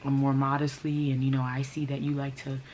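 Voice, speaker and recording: A woman imitating a smooth-talking, condescending man, a controlling fiancé who pads every sentence with fillers. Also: rumbling low, monotone, darkish tone, a little hiss or hum. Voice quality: slow, smooth, filler-heavy "you know". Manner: patronizing, works the room.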